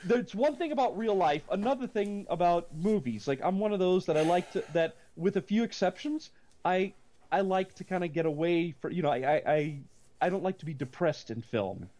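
A man, possibly middle-aged, co-hosting a casual movie chat, rambling with many restarts and breaking into animated rants. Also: sits high, moderate pace. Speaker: podcast co-host.

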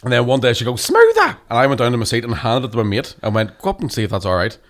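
A young man, a comedian, telling school stories in a casual, sweary chat. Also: mid-range voice. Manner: sweary, fast storytelling.

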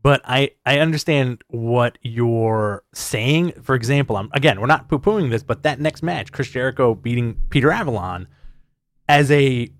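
A man's voice: mid-range voice, dry recording. Man, podcast co-host, mid-range voice, dry close mic, prompting and agreeable. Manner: prompting, quick to agree and laugh along. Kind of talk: casual chat.

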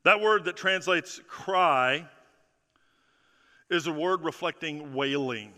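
High, bright-voiced preacher in an echoing hall. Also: male voice, slow pace. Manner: emphatic preaching with repeated phrases, dropping soft and low for effect. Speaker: pastor. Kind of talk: sermon. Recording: long reverb of a large hall.

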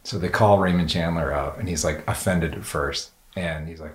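A man telling a rambling anecdote on a podcast, speaking off mic. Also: low voice. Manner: rambling, halting storyteller. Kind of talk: casual chat, anecdote. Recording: echoey room, off mic.

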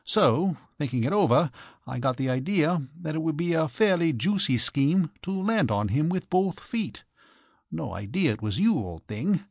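A man voicing a cheerful young English gentleman who chatters in breezy upper-class slang. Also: a little high, sing-song, moderate pace, vocal fry, no echo, pitched above the performer's own voice, exaggerated voice. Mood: apologetic.

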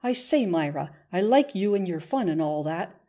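A woman's voice: on the low side, expressive, normal speed, dark tone, lightly acted. A woman reading aloud, voicing an embarrassed young man who pleads with a friend. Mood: upset. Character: boyish young gentleman, embarrassed and upset.

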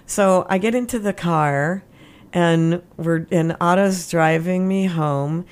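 A woman with a slightly low voice chatting with a co-host. She tells her stories with animation, acting out what people said and breaking into laughs and gasps. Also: takes it slowly. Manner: animated storyteller, acts out quotes with laughs and gasps. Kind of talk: casual conversation.

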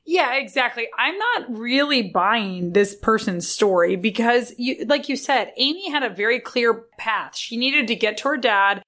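A woman's voice: on the high side, animated, unhurried, hardly any pauses, a bit bright. A woman co-hosting a true crime podcast, chatting casually and thinking aloud with fillers and restarts. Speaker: podcast co-host.

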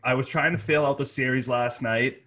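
A man's voice: mid-range voice, fairly even intonation, fairly quick, pushed and bright. A man hosting a casual podcast, rambling and stammering while laughing at himself.

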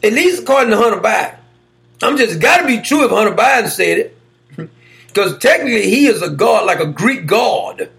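A man's voice: high voice, expressive, brisk, creaky, fairly bright tone. A man hosting a talk show, giving mocking, sarcastic political commentary and laughing at his own points.

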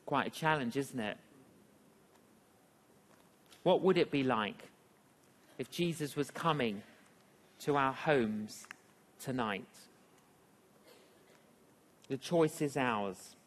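A preacher giving a sermon, speaking in a slow, measured way with pauses. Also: mid-range voice. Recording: long reverb of a large hall.

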